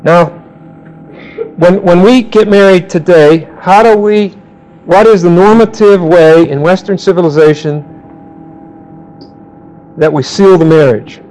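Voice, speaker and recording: Male Bible teacher, slightly high voice, unhurried delivery, leads class discussion and draws answers from the room. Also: a little mellow, rough recording. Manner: questioning the class, calling on students by name; slows down to quote verses. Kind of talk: interactive Bible class lecture.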